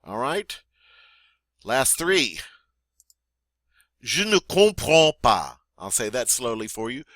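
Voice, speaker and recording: A man teaching a French vocabulary lesson, saying each word clearly and patiently, then asking the learner to repeat it. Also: mid-range voice, very animated, slow, pauses often, a bit bright, dry recording. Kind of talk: spoken language lesson.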